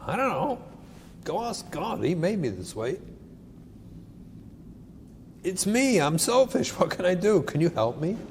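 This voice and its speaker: A man's voice: sits high, very animated, measured pace, pauses often, darkish tone, long reverb tail, slight background noise. A man voicing a child who pleads and admits his own faults, in a self-deprecating way. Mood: resigned.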